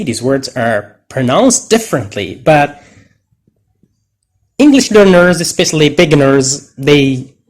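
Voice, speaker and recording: A man teaching English pronunciation in a deliberate way, with Arabic as his first language, exaggerating stressed words as he models them. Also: on the high side. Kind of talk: pronunciation lesson.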